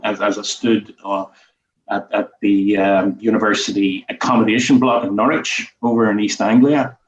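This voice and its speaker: A man in his seventies with a Northern Irish accent, reminiscing as an interview guest in a rambling way, peppered with "you know". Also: on the low side. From Northern Ireland. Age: 70s. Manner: rambling, lots of "you know" fillers, chuckles as he talks. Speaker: guest, former teacher and writer. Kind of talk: reflective conversational interview. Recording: distant, roomy, dull lo-fi sound.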